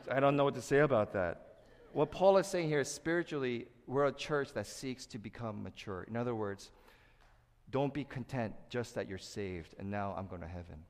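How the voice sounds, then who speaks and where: Animated pastor preaching in a reverberant hall. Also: male voice, medium pitch, moderate pace. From Korea. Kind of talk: sermon. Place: church sanctuary.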